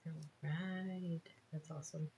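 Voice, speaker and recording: A woman's voice: deep voice, fairly even intonation, takes it slowly, warm tone, a little hiss or hum. A woman chatting casually on a livestream while she cross-stitches, laughing at herself and muttering as she works.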